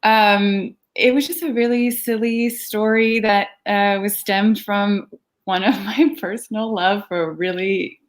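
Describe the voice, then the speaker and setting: A woman filmmaker chatting in an interview over a video call, laughing often and filling pauses with ums. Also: medium pitch, fairly even intonation. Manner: giggly, lots of ums and laughs. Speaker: filmmaker guest. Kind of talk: casual interview chat.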